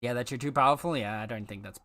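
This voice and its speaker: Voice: mid-range voice, fast talker, a bit bright. A live streamer chatting casually with viewers, playful and teasing, with mock-dramatic complaints. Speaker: live streamer talking to chat.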